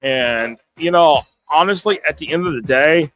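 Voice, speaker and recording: A man hosting a casual live sports talk show, excitable and stammering, often laughing and reading viewer comments aloud. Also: on the high side, moderate pace.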